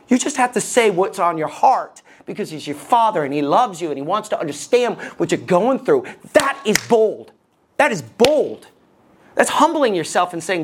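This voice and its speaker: A man's voice: high-pitched, big pitch swings, normal speed, husky. A man preaching a sermon as pastor, impassioned, his voice rising when he acts out prayers.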